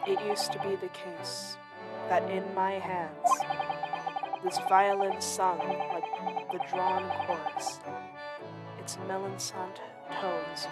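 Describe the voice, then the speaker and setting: A woman voicing a gloomy, theatrical male detective, speaking low, quiet and mournful. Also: level tone, slow, over loud music, lightly acted, poor audio.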